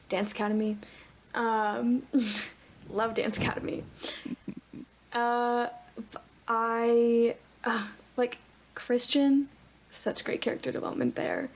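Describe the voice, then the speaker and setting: Young woman, gravelly easygoing podcast co-host. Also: on the high side, a little hiss or hum. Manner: easygoing, laughs often, rambling. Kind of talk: casual chat.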